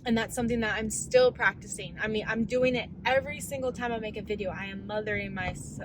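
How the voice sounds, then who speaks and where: A woman's voice: medium pitch, fast talker, background noise. A woman in her thirties in a casual, candid vlog rant, rambling as she coaches herself through her thoughts. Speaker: vlogger.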